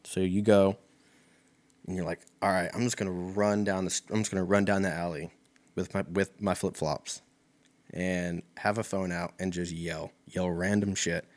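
A man's voice: low voice, level tone, normal speed. A young man talking in a rambling, profane, laid-back comedic monologue full of fillers.

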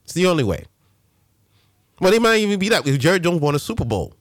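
Animated man ranting about sports. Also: sits high, quick pace, no room sound, clean studio sound. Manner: animated, ranting, frequent restarts and slang. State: a little winded. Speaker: sports show host. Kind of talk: casual sports rant.

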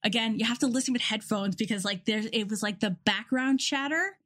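A woman's voice: a little high, fairly quick, fairly bright tone. A woman co-hosting a podcast, chatting casually about a TV episode and retelling scenes with lots of restarts. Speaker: podcast co-host. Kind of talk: casual TV recap chat.

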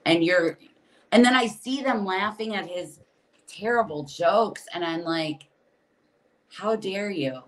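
A woman's voice: on the low side, a little slow, fairly bright tone, low-quality recording. A woman comedian, a podcast guest, talking candidly and venting with acted asides. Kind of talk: casual podcast chat.

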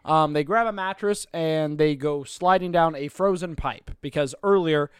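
A man co-hosting a casual podcast chat about a movie, playful and quick to laugh, chiming in with jokes and trivia. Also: on the high side, clean tone, no room sound, studio quality. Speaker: podcast co-host.

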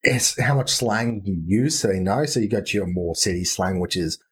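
A man's voice: lowish voice, normal speed, breathy edge. A man from rural Australia with a broad country accent, chatting casually as a podcast guest, laid-back and full of slang. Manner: laid-back, slang-heavy, says "yeah" a lot. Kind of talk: casual chat.

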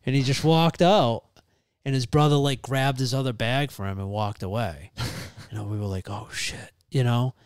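A man, telling a wild anecdote in an animated, profane, casual chat. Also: medium pitch, moderate pace, clean tone, no room sound, clean studio sound.

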